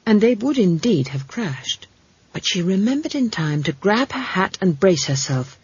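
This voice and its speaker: A woman narrating a comic fantasy audiobook with wry, expressive storytelling and playful asides. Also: medium pitch, moderate pace, breathy edge, no room sound, lo-fi sound.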